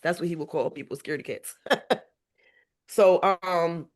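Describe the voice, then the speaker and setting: A woman's voice: lowish voice, measured pace. A mother guesting on a podcast interview, telling stories about her son, laughing often and acting out remembered dialogue. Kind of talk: emotional podcast interview storytelling.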